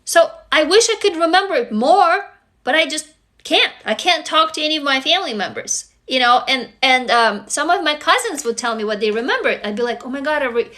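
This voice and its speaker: A woman speaks in a high, bright, forceful voice. She hosts a livestream and talks in a raw, intense way, swearing freely and circling back to the same phrases again and again. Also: expressive, fairly quick. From Russia. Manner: raw, intense, profane, repetitive. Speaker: livestream host. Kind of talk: emotional livestream monologue.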